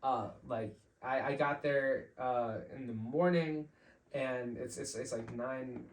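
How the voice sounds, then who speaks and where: A young adult man, a DJ appearing as a podcast guest, tells a story slowly in a medium-pitched voice. He rambles with lots of "like" and acts out other people's voices, recorded in an echoey room from a distant mic with faint hiss.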